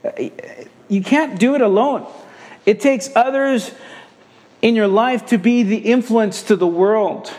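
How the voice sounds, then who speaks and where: A man's voice: sits high, a little slow, long pauses, darkish tone. A male pastor preaching a sermon, emphatic and repeating his key phrases for weight.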